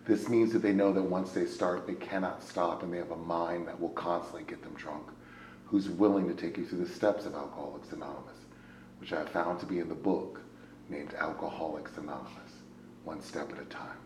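A man giving a personal testimony as a speaker at a recovery meeting. He tells his story with animated swings between loud exclaiming and a hushed murmur, and keeps checking in with "right?". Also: low voice, a little fast. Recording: echoey room with faint ambient noise.

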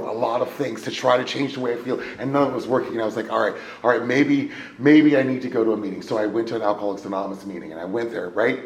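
A man from the United States tells his recovery story to a meeting, shifting between low, quiet confessions and loud, shouted punchlines. He talks conversationally, full of fillers and "right?" asides. His voice carries a roomy echo over faint background noise. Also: creaky. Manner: animated, swings from hushed to loud shouting. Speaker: AA speaker sharing his story. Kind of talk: recovery share to a live meeting.

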